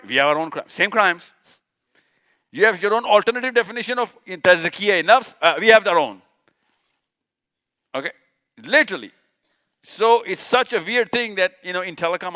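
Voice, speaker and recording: A man's voice: high-pitched, bright, forceful tone, clean tone. A man from Pakistan, giving an impassioned religious lecture to a live audience, firing off rhetorical questions and repeating his points for emphasis. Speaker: speaker at a live session.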